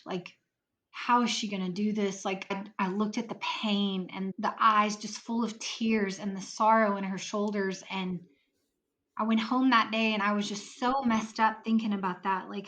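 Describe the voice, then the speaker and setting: Recorded with lo-fi sound, a woman guesting on a podcast tells a heartfelt personal story with earnest feeling, performing the quoted voices of others. Her voice sits in the mid range and is a bit bright.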